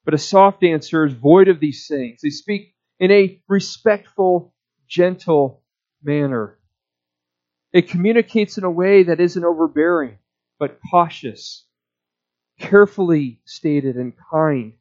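A male pastor delivers a sermon in a slow, deliberate teaching voice set a little high. The recording sounds somewhat dull and muffled. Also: darkish tone.

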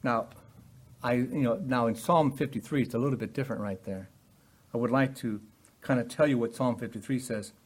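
An older man delivers Bible teaching in a sermon style. His voice is husky, and his delivery is earnest, shifting between calm explanation and loud, pressing emphasis. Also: mid-range voice, brisk.

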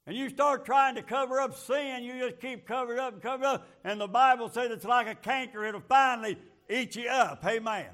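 A man's voice: extremely high pitch, fairly quick, fairly bright tone. A man preaching a fervent, folksy sermon full of rhetorical questions.

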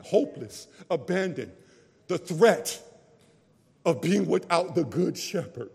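Man, preacher, sermon, high voice, unhurried, impassioned loud and soft swings, long hall echo. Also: gravelly, slightly rough. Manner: impassioned, swings from loud cries to hushed tones.

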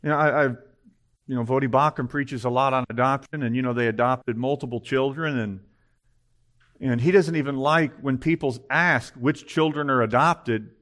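A man's voice: mid-range voice, normal speed, a bit bright. A man preaching a conversational sermon, emphatic and full of rhetorical questions.

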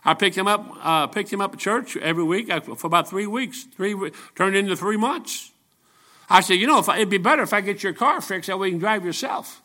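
Bright-voiced seventy-year-old male preacher. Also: high-pitched, brisk. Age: 70s. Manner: folksy, joking, emphatic preaching. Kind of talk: storytelling sermon.

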